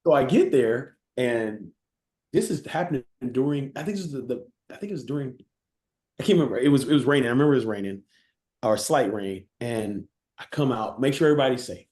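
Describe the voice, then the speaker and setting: Male podcast guest, lively storyteller, very expressive pitch, roomy echo. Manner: animated, acts out quotes, laughs often. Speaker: guest, college football player developer.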